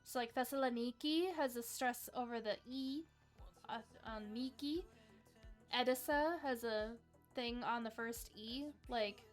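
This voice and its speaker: Chatty, upbeat woman hosting a trivia stream. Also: fairly high pitch. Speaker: livestream trivia host. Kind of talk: casual livestream chat.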